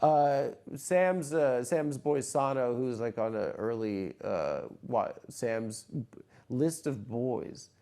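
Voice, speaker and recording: A man hosting a comedy podcast, talking in excitable, profane, rambling riffs. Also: medium pitch, slow. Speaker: host. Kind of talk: casual comedic podcast chat.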